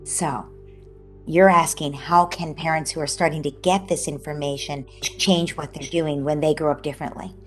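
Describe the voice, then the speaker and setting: Animated woman explaining gently. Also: deep voice, moderate pace, soft background music. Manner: animated, explanatory, dips into soft near-whispers. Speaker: psychologist guest. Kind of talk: interview answers. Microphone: video call.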